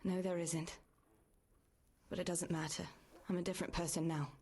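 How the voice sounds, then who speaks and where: An actress voicing a young village woman in a video game, caring and practical, with a gentle, often hushed way of speaking. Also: lowish voice, little pitch movement, normal speed, husky. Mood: grieving. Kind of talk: game voice acting.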